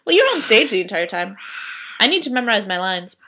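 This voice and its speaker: A woman's voice: mid-range voice, big pitch swings, fast talker, sharp tone. A young American woman, a student, chatting casually and teasing her friend with wry asides. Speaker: student vlogger. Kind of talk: casual chat.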